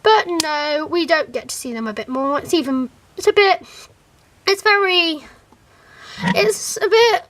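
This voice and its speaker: A woman, chatting casually to camera as a fan reviewer, animated and rambling with plenty of fillers and restarts. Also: very high voice, unhurried, a little hiss or hum.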